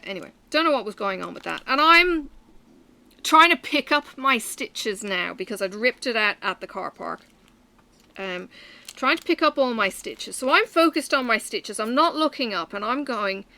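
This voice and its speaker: A woman's voice: a little high, sharp tone. A woman chatting casually to camera, telling a story with many fillers. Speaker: vlogger. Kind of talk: casual chat while stitching.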